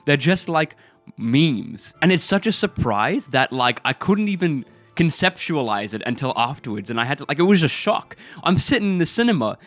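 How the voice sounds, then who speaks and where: A man's voice: fairly high pitch, sing-song, moderate pace, fairly bright tone, soft background music. A man giving casual film commentary in a rambling, incredulous way, with many fillers. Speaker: film review video creator.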